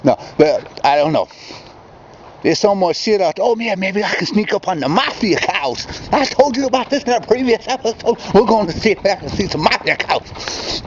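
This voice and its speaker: A man's voice: high voice, animated, moderate pace, slight background noise. A man from Michigan rambling and ranting in a casual outdoor vlog, filmed at dusk by a yard fence and campfire. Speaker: vlogger. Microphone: handheld camera. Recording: dull lo-fi camcorder audio with faint outdoor ambience.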